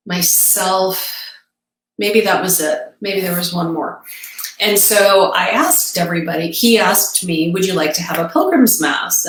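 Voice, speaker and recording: Earnest woman telling a story, echoey room. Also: medium pitch. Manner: earnest, reflective, with halting restarts. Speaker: guest. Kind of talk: personal storytelling in a podcast interview.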